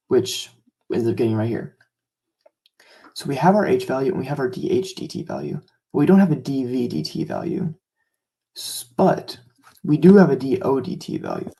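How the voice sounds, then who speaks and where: A man with a mellow, warm voice explains a calculus problem one step at a time. He talks casually and pauses now and then on a filler. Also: medium pitch, creaky, rough recording. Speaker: math tutor.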